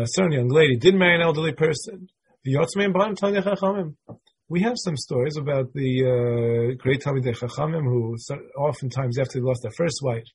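A man's voice: mid-range voice, breathy edge. A middle-aged man teaching a Torah class in a casual, conversational way, thinking aloud as he explains the texts.

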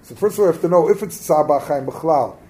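A man's voice: fairly high pitch, expressive, brisk, dark tone, slight background noise. A man giving a Talmud class lecture as a Torah teacher, explaining texts in English mixed with Hebrew terms and quizzing his students.

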